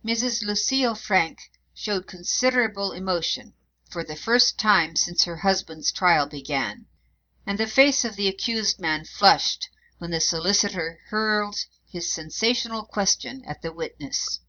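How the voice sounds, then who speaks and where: A woman narrating a historical account in a measured, even reading voice. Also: mid-range voice. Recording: dull lo-fi recording.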